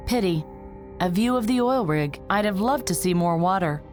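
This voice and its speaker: A woman's voice: medium pitch, animated, normal speed, a little mellow, soft background music, close to an everyday voice. A woman voicing a stubborn young time traveler in a game, brushing off every warning. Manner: headstrong, brushes off concern. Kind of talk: game voice acting.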